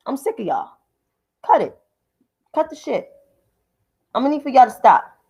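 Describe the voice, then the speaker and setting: A woman with a high voice hosts a political commentary livestream. She talks in a combative, profane rant and keeps repeating names to drive her point home. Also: big pitch swings, moderate pace, dark tone, husky.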